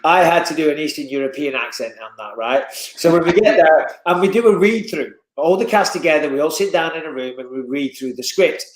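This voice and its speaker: An English man telling stories in a casual podcast chat as a fight commentator, animated and swinging his voice up and down. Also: brisk, few pauses, roomy sound. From England. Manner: animated storyteller, lively swings in pitch and loudness.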